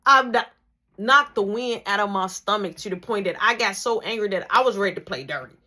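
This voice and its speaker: A woman telling a casual storytime in an animated, slangy way, with big swings in her voice. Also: mid-range voice, quick pace.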